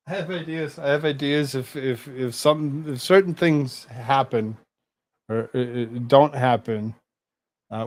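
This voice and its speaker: A man hosting a live stream, chatting casually with his viewers, rambling and halting, with many fillers and restarts. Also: mid-range voice. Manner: talks to chat viewers between asides.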